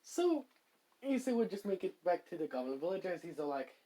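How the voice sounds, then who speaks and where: A man's voice: high-pitched, very animated, fairly quick, warm tone. A man improvising a fan story, rambling with many fillers and hedges.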